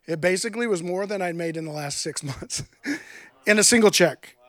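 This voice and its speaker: Man, 30s, preacher, high-pitched voice, dry close sound, storytelling sermon. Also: a little fast, no room sound. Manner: storytelling, animated, acts out quoted dialogue. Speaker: pastor.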